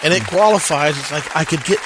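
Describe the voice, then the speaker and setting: A man's voice: on the high side, fairly quick, a crowd in the background, background noise. Hesitant male co-host in chat. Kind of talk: casual chat.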